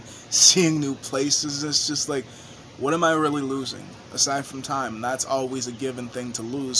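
A young man vlogging, telling a rambling story in a casual, animated way and swearing freely. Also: mid-range voice, noisy background. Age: young adult.

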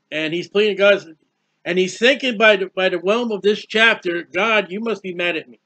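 In a high-pitched, sharp-toned voice, a man leads an informal Bible study, earnestly rambling and reading passages of scripture aloud. He's a Bible teacher, captured on a dull lo-fi recording.

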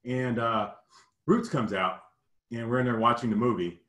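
A man from Kentucky earnestly recounting a childhood memory in casual storytelling, halting and full of "you know". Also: mid-range voice, fairly bright tone, roomy sound. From Kentucky, US South.

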